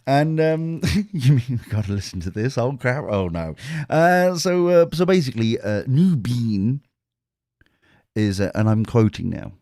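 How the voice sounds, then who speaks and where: A man hosting a casual podcast chat, laughing often and swinging between high and low notes. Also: expressive, a little slow, warm tone, no echo, studio quality. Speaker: podcast host.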